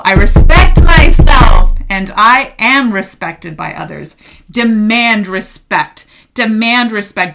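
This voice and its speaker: A bright-voiced woman talks her way through a tarot spread in a loose, chatty way. She gets fired up and emphatic, with lots of filler words. Her tone stays clear and forward. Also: mid-range voice. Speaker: tarot reader. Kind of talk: casual tarot reading monologue.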